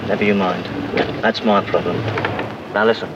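An actor playing a curt, scheming boyfriend, speaking in a 1970s film clip. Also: male voice, on the low side, fairly even intonation, moderate pace, muffled recording, natural voice. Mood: brusque. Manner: curt, brusque. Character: gruff, scheming male scumbag boyfriend. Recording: distant, noisy 1970s film soundtrack.

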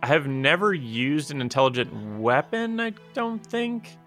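A man's voice: a little high, lively intonation, unhurried, a bit bright, soft background music. A man who plays tabletop games, chatting thoughtfully and casually with his group. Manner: thoughtful, chatty, uses fillers like "like". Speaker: tabletop game player.

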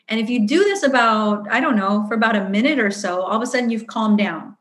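A woman's voice: fairly high pitch, fast, hardly any pauses, fairly bright tone, roomy sound. A woman leading a workshop, answering audience questions in a chatty, earnest way and acting out her own inner voice. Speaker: workshop facilitator. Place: event room.

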